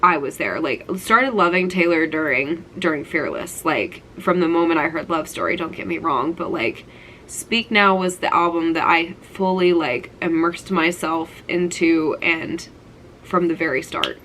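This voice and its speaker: A woman's voice: low-pitched, unhurried, sharp tone, a little hiss or hum, poor audio. A young woman in her twenties talking through a keepsake collection, gushing and nostalgic, with lots of "like". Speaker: vlogger. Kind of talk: casual show-and-tell vlog.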